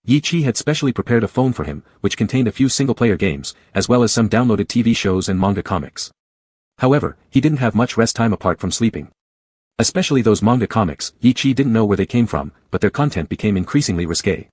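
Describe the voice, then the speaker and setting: Husky low male narrator. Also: expressive, fast talker, a little mellow, dry recording. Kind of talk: scripted narration of a romance comic.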